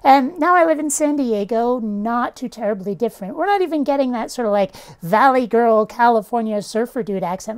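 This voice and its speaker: A woman's voice: fairly high pitch, expressive, normal speed, hardly any pauses. A middle-aged woman from Vermont, speaking mostly general American with a faint Vermont accent, chatting casually to camera at home in a chatty, self-mocking way and swearing offhandedly. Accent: mostly general American with a faint Vermont trace. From Vermont, USA. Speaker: YouTuber. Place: at home with cats on her lap.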